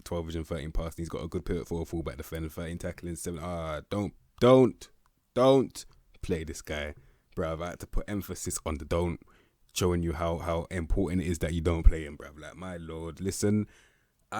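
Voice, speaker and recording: A young man giving casual, blunt commentary on a football management game, slangy and swearing, with sudden loud bursts of emphasis. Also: deep voice, dry recording, studio quality. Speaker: gaming YouTuber.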